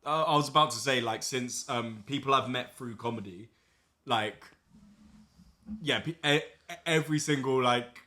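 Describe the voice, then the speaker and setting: A young man hosts a loose, casual podcast chat in a bright, forceful voice. He tells his stories haltingly, with frequent laughter and plenty of restarts. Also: mid-range voice. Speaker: podcast host.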